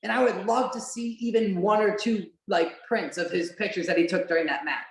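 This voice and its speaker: Woman, podcast host, casual animated chat, filler-heavy, middle pitch, roomy echo. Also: brisk. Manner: chatty, animated, many "like" fillers, swears. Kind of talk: casual watch-along chat.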